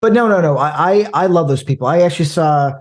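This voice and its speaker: A man talking casually about movies, rambling and animated, with frequent restarts. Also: a little high, quick pace. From American Midwest. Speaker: podcast guest.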